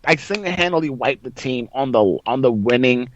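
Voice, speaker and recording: A man hosting a casual gaming podcast, telling a story excitedly and bursting into loud reenactments. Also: medium pitch, normal speed, slight background noise. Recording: dry, slightly dull sound.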